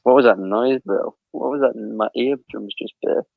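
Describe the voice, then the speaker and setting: A man's voice: medium pitch, normal speed, vocal fry, no room sound, phone-quality sound. An English man with an English accent, chatting as a guest on a live audio show, joking and mocking himself as he tries out accents. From England. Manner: jokey, self-mocking. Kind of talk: casual chat, playful accent impressions.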